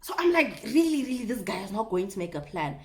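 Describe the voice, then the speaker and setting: A young woman tells a story to her viewers in a lively, swooping voice. She talks dramatically and keeps addressing her audience. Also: a little high, fast. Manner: animated, dramatic, mixes in Setswana phrases. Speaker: vlogger. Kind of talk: casual storytime.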